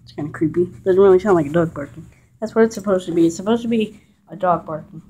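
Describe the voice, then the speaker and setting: A woman's voice: on the low side, quick pace, a little hiss or hum. Chatty young female home vlogger. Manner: chatty, rambling, breaks off to scold the dog loudly. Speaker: vlogger showing her dog. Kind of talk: casual home vlog. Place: living room of a house. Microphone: handheld camera, filmed one-handed.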